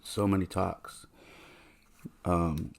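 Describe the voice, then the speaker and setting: A man in his thirties hosting a podcast, telling a personal story in a soft-spoken, rambling way with many restarts. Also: deep voice, fairly even intonation, drawn-out words, vocal fry. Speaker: podcast host. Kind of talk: reflective personal monologue.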